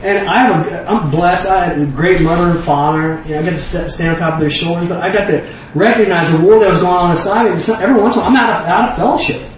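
A man preaching a sermon in an animated, emphatic, folksy way. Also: sits high, fast. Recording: echoey room, distant mic, dull lo-fi, faint hiss.

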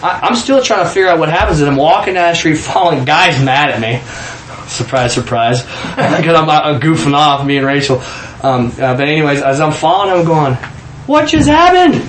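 A man from Kansas recounts a personal testimony and slips into the voices of the people in his story, stumbling and restarting as he goes. His voice sits a little high for a man. The room adds a clear echo, with a faint hum of ambience behind him. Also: normal speed. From Kansas, USA. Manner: animated, acts out quoted voices, frequent restarts and laughs. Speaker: guest telling a testimony. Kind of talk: casual storytelling.

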